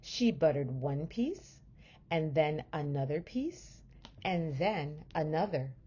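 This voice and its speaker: A woman teacher reading a children's storybook aloud in a gentle, expressive way. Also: low voice, slow, slightly rough, dull audio.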